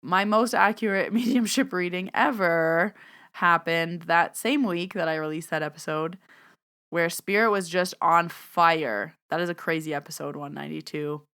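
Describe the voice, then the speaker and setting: A woman's voice: lowish voice, moderate pace, fairly bright tone, clear, resonant tone. A woman hosting her own podcast, chatting through a reflective, heartfelt year-end recap as a medium and teacher.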